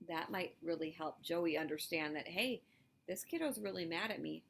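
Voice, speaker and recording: Encouraging female teacher, lively delivery to young kids, a bit low-pitched. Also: moderate pace, gravelly. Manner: lively, encouraging, talks directly to children. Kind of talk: video lesson for elementary students.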